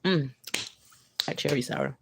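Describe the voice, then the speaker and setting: Low, gravelly-voiced woman chatting on a livestream. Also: takes it slowly, background noise. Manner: loose, slangy talk to viewers, chuckles often. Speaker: livestream host reading chat comments. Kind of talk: casual livestream chat.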